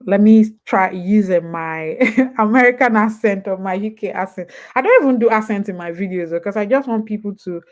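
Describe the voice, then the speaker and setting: A young woman with a Nigerian accent talks her way through a casual live-stream advice session. She is chatty and wanders off topic, then pulls herself back. Her voice sits at an everyday middle pitch. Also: brisk. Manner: chatty, digressive, jumps back and forth. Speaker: host.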